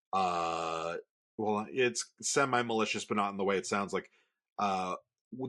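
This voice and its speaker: A man in his thirties co-hosts a relaxed podcast chat with a bright, forceful tone and a voice on the low side. He rambles with frequent restarts as he tells family stories. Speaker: podcast co-host. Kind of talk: casual chat.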